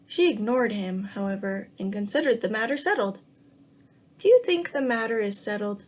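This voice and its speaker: A woman teacher reads a children's story aloud in a gentle voice and stops now and then to ask the class questions. Her voice is husky and breathy, at a middle pitch. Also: animated, moderate pace. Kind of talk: read-aloud lesson for young children.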